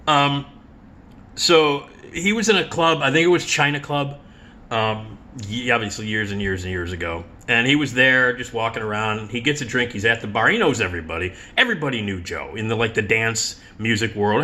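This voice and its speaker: A man's voice: mid-range voice, brisk. A middle-aged man tells personal stories casually, swearing freely and laughing along the way. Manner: animated, profane, laughs while telling stories. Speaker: radio host. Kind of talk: casual storytelling monologue.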